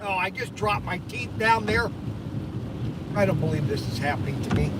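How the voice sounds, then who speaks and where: A man hosting a live stream from his car, exclaiming and muttering sarcastically to himself as he drives on the highway. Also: expressive, normal speed. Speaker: livestream host. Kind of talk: rambling live-stream chat while driving. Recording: distant mic with loud road and wind noise.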